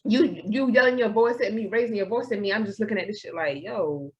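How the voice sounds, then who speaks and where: A young woman, co-hosting a podcast in casual chat, animated and acting out her own inner voice. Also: mid-range voice, quick pace, dull audio. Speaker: podcast co-host.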